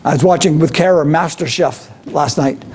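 A man preaching a sermon with animated delivery, moving between loud emphatic lines and quiet, low intensity. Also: normal speed. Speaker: pastor.

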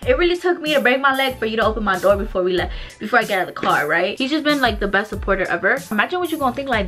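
A young woman in her twenties talks to her viewers from home, dramatic and complaining. She is short of breath throughout. Her voice is bright and sits fairly high. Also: big pitch swings, rapid-fire, few pauses, soft background music. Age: 20s. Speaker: vlogger. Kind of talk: casual vlog chat.

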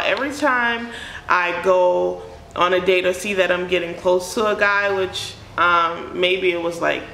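A woman vlogger telling a personal story time in an animated, joking, confessional way. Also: fairly low pitch, gravelly, a little hiss or hum. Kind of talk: storytime vlog. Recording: roomy echo.

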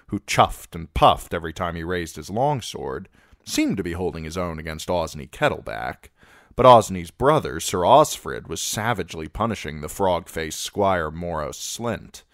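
A man narrating a fantasy novel as an amateur audiobook reader, with steady, even storytelling. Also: deep voice, dry recording, clean studio sound.

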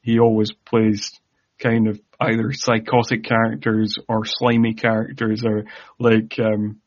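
A man's voice: on the low side, monotone, measured pace. A man co-hosting a podcast in casual chat, talking in a stammering way with many restarts, and quoting film budget facts. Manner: chatty, stammering restarts, laughs at own jokes. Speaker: podcast co-host. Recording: dull lo-fi sound.

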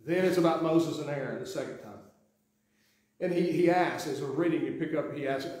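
A man's voice: on the high side, fairly quick, darkish tone. A man preaching a sermon as pastor, talking conversationally with many restarts and acting out the quotes he reads. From Sweetwater. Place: church sanctuary. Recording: very echoey sanctuary.

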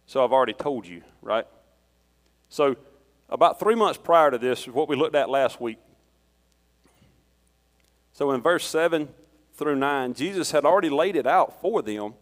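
A man's voice: medium pitch, lively intonation, measured pace, long pauses. Man preaching in an echoing church. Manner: conversational, storytelling with personal anecdotes. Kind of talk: sermon. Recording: long reverb of a church hall.

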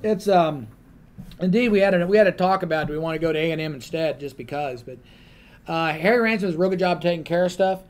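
A man on a panel telling a lively anecdote and acting out the other people in his story. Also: on the high side, quick pace.

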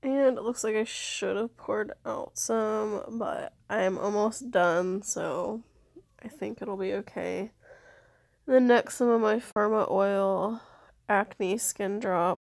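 A woman's voice: mid-range voice, creaky, a little mellow, no echo, clean studio sound. A woman in her twenties with a sore throat and runny nose, casually walking through her skincare routine and swearing now and then. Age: 20s. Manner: unhurried, listing products one by one, casual swearing. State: sick with a sore, congested voice. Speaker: beauty vlogger.

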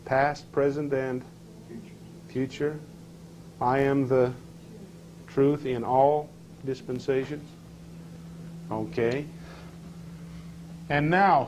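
Man, scripture class teacher, asks the class questions, reads verses with rising emphasis, middle pitch, faint hum behind. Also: fairly even intonation, very slow, long pauses, darkish tone, low-quality recording.

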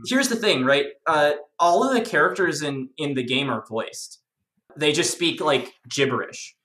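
A speaker explaining video game lore in a casual, animated discussion, chatty and jokey with many fillers and restarts. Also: medium pitch, measured pace, reverberant.

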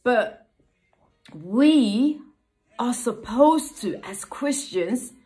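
A woman's voice: fairly high pitch, expressive, drawn-out words, a little mellow. A woman preaching a casual online sermon, often checking in with "yeah?" and repeating phrases for emphasis.

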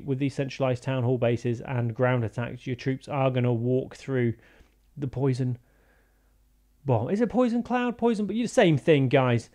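A man's voice: medium pitch, dark tone. A man giving casual, jokey commentary over a strategy game, rambling into silly asides. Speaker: gaming YouTuber.

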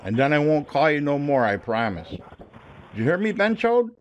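A man's voice: a little high, sing-song, normal speed, muffled recording, slight background noise. A man making prank phone calls to scammers, taunting and cursing at them. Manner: taunting, profane, mocking. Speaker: scambaiter prank caller.

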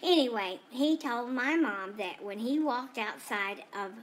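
A woman's voice: a little high, a little slow, a little hiss or hum, close to an everyday voice. A woman voicing a chatty female dog who tells about her day in a rambling, gossipy way, full of asides. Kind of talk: first-person pet vlog narration.

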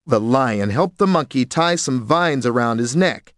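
A man narrating a children's story in a lively, expressive way. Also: mid-range voice, unhurried, few pauses, dry recording, clean studio sound. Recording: music bed underneath.

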